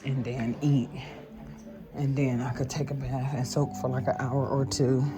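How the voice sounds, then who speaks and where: A woman vlogging casually from her home, retelling her day in an animated, gossipy way. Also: rumbling low, unhurried, over music. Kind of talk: casual chatty storytelling. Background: smooth jazz and background voices.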